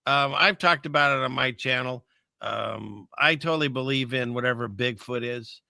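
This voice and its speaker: A man's voice: medium pitch, normal speed, creaky, bright, forceful tone, no echo. A man hosting a show, telling a story in an earnest, conversational way. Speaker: podcast host. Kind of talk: casual conversation.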